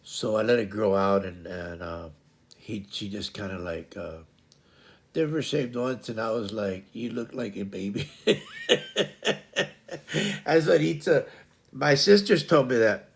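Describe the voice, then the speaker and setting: A man's voice: fairly low pitch, a little slow, creaky, long pauses. A middle-aged man hosting a casual livestream chat, rambling and stumbling over repeated words. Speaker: livestream host.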